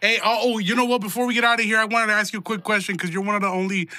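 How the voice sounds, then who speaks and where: A man hosting a crude casual chat, teasing his guest with fast, profane slang and jokes. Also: sits high, steady tone, bright, forceful tone, dry recording.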